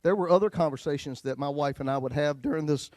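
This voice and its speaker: A male pastor telling his own story in a sermon, folksy, swinging between loud bursts and hushed lines. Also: fairly high pitch, quick pace, dry recording.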